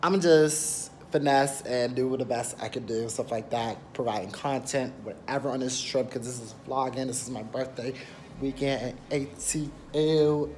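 A man's voice: medium pitch, moderate pace, darkish tone, a little hiss or hum. Chatty young man vlogging on his phone. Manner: chatty, rambling, lots of fillers like "period" and "and everything". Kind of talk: casual vlog talk to camera. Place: rented apartment indoors. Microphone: phone camera.

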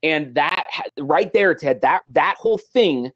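Man, middle-aged, interview guest, motivational talk, animated, muffled lo-fi recording. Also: fairly high pitch, a little slow. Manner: animated, acts out little scenes.

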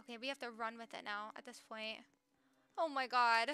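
A woman's voice: a little high, fairly even intonation, normal speed, pushed and bright, smooth. A young woman live streaming a video game, chatting bubbly with her viewers and greeting them while she plays. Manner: bubbly, chatty, reads viewer comments aloud. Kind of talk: live gameplay stream chat.

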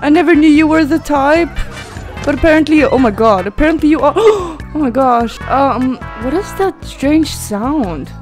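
A woman's voice: high-pitched, normal speed. A woman commentating on a chaotic life-sim game, gasping, laughing and exclaiming as she reacts. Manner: excitable, gasping and exclaiming at the chaos. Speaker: gaming video creator. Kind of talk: let's play commentary. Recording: faint game music behind.

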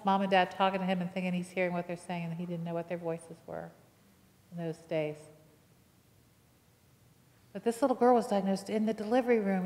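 A woman pastor with a fairly low voice preaches in a church sanctuary, telling stories and acting out the lines of the people in them. Now and then she stops to ask the congregation a question. Her voice rings with the long reverb of the church hall. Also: darkish tone. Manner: storytelling, acting out dialogue, asking the congregation questions. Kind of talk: sermon.

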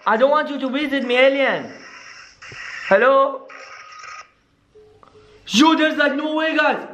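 A young man hosting a prank-call skit vlog, excitable and constantly saying "yo" and "guys". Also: extremely high pitch, takes it slowly, dull audio, slight background noise. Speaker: YouTuber.

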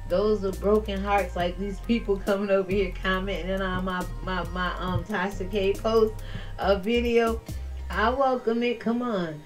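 A woman vlogger talking casually and profanely while responding to viewer comments, loud and animated, laughing at her own jokes. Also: mid-range voice, unhurried, faint music behind, rough recording.

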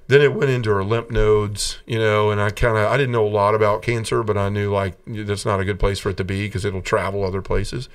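A man's voice: on the low side, level tone, a little fast, few pauses, smooth, far from the mic. Earnest man telling his story. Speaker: podcast guest. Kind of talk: personal testimony in an interview.

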